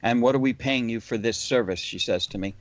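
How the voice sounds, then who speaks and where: A man's voice: mid-range voice, a little fast, no room sound. A man telling a work story in a casual chat, voicing both sides of the dialogue as he goes. The recording is dry and dull, a little lo-fi. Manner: animated storyteller acting out dialogue. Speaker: window cleaner, podcast host. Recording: dull lo-fi audio.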